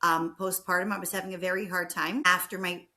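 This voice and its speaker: Bright, lively woman podcast co-host. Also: on the low side, a little fast. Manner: animated storytelling with frequent fillers. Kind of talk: casual podcast chat.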